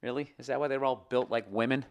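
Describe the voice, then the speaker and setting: A man's voice: mid-range voice, fairly even intonation, fast, clear, resonant tone. Male comedian, mid-range voice, heated sarcastic podcast rant full of swearing. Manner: profane, sarcastic, fired-up ranting; reading an email aloud and mocking it.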